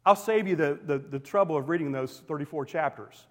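A male pastor preaching a sermon in a church, emphatic and swinging between loud declarations and hushed, quiet lines. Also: fairly high pitch, a little fast, hardly any pauses. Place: church sanctuary. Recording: long hall reverb.

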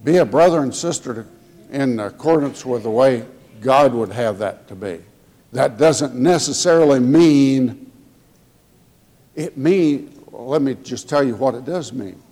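A man preaching a sermon in a church, speaking slowly and getting emotional as he tells the congregation he loves them. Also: medium pitch, lively intonation, warm tone. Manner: slow, emotional, tender preaching. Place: church sanctuary. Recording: long hall reverb.

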